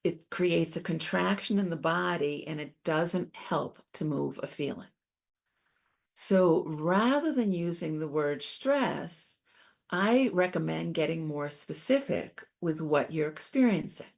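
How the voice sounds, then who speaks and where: A middle-aged woman giving a calm, explanatory talk on coping with stress, as presenter. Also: low voice, slow, creaky. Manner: calm, validating, explains step by step.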